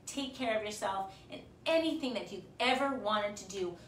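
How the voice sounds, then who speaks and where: A woman's voice: medium pitch, moderate pace, fairly bright tone, far from the mic. A choked-up woman in her forties gives an emphatic motivational talk, repeating her words for emphasis. She sits back from the mic in a roomy space, with a faint hum underneath. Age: 40s. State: tearful, choked up. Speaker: fitness instructor. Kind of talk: emotional motivational pep talk on a livestream.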